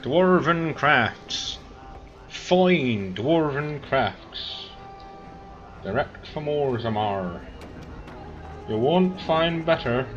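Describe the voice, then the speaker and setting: A man doing a male dwarf merchant, sing-song, drawn out, slow, game music. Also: mid-range voice, lively intonation, muffled recording. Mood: hawking.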